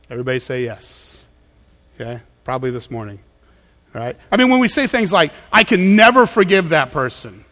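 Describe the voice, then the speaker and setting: A man delivers a sermon in a conversational way, often slipping into quick voices to act out what people say. His voice sits a little high for a man. The sound carries a long reverb from a large church hall. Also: a bit bright. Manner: conversational, acts out quoted voices. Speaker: pastor.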